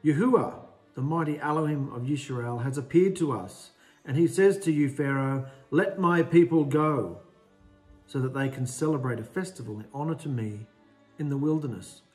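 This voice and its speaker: A man's voice: medium pitch, moderate pace, a little mellow, soft background music, close to an everyday voice. A man voicing an exasperated male prophet who pleads and complains in casual slang. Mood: solemn.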